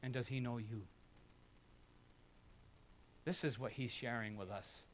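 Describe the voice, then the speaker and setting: A man's voice: mid-range voice, fairly even intonation, measured pace, fairly bright tone, slight background noise. A man preaching a sermon as pastor, emphatic and building with repeated phrases, in a church sanctuary. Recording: long hall reverb.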